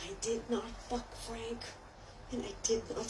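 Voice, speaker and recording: Older woman, blunt profane rambling speech, unhurried delivery, mic set well back. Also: a little high, level tone, distant mic, noisy background. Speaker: author at a book signing. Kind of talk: off-the-cuff speech to a crowd. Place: retro thrift shop.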